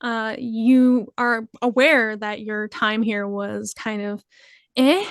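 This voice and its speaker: Female game master, higher register, dry close mic, hesitant friendly narration. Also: slow pace, clear, resonant tone, dry recording. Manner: relaxed, hesitant with many ums and laughs.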